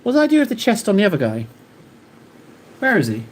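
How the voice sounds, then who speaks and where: This livestream host talks fast in a high voice with huge pitch swings, over a little hiss or hum. He chats and jokes with viewers as he reads their messages, rambling along with plenty of fillers and frequent restarts.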